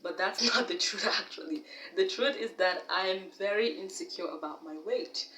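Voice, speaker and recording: A young woman vlogger talking candidly to camera in a casual, animated way, sometimes laughing at herself. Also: mid-range voice, normal speed, reverberant, distant mic, background noise.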